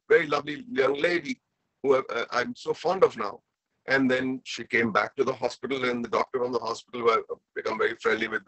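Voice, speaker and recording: A man's voice: mid-range voice, a bit bright, dry recording. A man with an Indian English accent telling a personal story as a guest speaker, earnest and emotional, often repeating himself.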